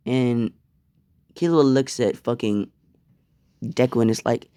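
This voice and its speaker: A man's voice: medium pitch, steady tone, a little slow, pauses often, mellow, no echo, studio quality. A young man casually telling a fan-fiction story, rambling and swearing.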